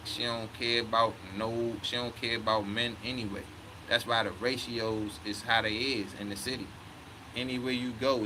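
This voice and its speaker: A man's voice: on the low side, noisy background. A man in his thirties telling a story in a heated, profane way, often quoting himself. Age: 30s. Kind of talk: casual storytelling rant.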